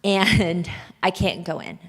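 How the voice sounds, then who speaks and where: A nervous, candid woman talks openly to a gathered audience, her voice a touch low for a woman. Her words ring out with a long hall reverb trailing behind them. She sounds shaky, yet she keeps going in a frank, confessional manner. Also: takes it slowly. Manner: open, confessional, breaks into nervous laughs. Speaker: speaker sharing a personal testimony. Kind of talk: candid personal talk to an audience. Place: large hall at a church event.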